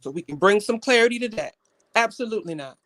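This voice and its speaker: A woman's voice: medium pitch, expressive, quick pace, a bit bright. A young woman hosting a live online panel, telling stories in a casual, chatty way and defending herself. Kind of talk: casual talk on a live stream.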